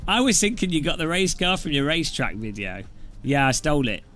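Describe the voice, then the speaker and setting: A man's voice: fairly high pitch, sing-song, moderate pace, a bit bright. A man from south-east England, chatting casually and jokily with viewers while sim racing at home. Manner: chatty, jokey, rambling. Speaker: streamer and host.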